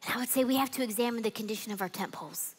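Woman, high voice, sermon, animated conversational storytelling, reverberant hall. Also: racing, slightly rough. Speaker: women's ministry speaker. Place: church event hall with audience.

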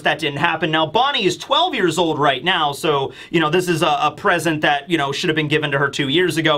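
Bright-voiced man recapping chattily. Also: on the high side. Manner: chatty, explanatory, frequent asides. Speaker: manga review YouTuber. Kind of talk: casual commentary.

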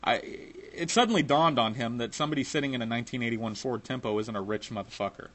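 A man's voice: medium pitch, quick pace, a bit bright. A man telling a personal story in a casual, profane way, laughing now and then.

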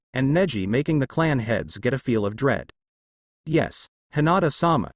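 Male narrator for a fan fiction reading, expressive delivery, lively pitch, dry close sound. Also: dry recording.

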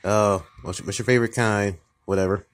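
A tired, upset man talking casually to camera in a vlog, halting and repetitive, often restarting his sentences. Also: fairly low pitch, fairly even intonation. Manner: upset, ranting tone. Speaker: vlogger. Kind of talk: casual mukbang vlog talk.

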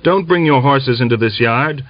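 A man's voice: medium pitch, normal speed, dry recording, pitched above the performer's own voice, close to an everyday voice. A man playing a stern, lame old Cossack father who speaks firmly and resolutely, with angry outbursts. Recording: dull lo-fi dry recording.

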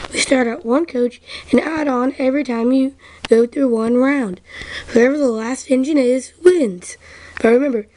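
A woman's voice: sits high, dark tone, no room sound. A woman voicing a sensible male steam engine who speaks matter-of-factly and takes charge.

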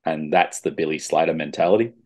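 This co-host has an extremely low voice and talks fast while trading laid-back jokes on a rugby league podcast. He and his partner chat casually about the sport over a video call.

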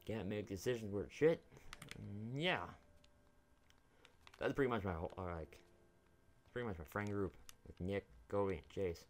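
Speaking at normal speed in a fairly low voice, a young gaming YouTuber gives loose, rambling commentary on his game. He pauses often, curses freely, and addresses the on-screen characters directly.

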